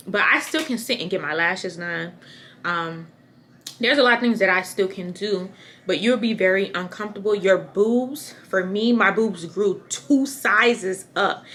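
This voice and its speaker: A young pregnant woman chats straight to camera in a loose, rambling vlog, circling back and repeating words as she goes. Her voice is bright and forward, with a faint hum of room noise behind it. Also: lowish voice. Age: young adult. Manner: chatty, candid, rambling with repeats. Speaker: vlogger. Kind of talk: casual pregnancy update to camera.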